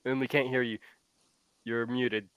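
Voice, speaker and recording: A man's voice: mid-range voice, level tone, a little slow, fairly bright tone, smooth, no room sound. A man on a video call chiming in agreeably with short remarks and explanations. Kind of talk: casual chat.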